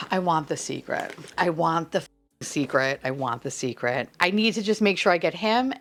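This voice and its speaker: A woman's voice: low-pitched, animated, moderate pace, slight background noise. A young woman chatting casually as she unboxes collectible toys, gushing, swearing freely and breaking into delighted squeals. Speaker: unboxing vlogger.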